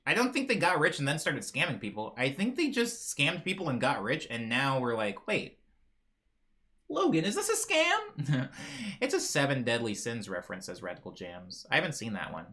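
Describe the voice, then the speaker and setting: A man's voice: mid-range voice, sing-song, brisk, hardly any pauses, bright, forceful tone. A young man hosting a livestream, chatting casually and reading viewer comments in a playful, rambling way. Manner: playful, rambling, frequently laughing and mispronouncing names. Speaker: livestream host.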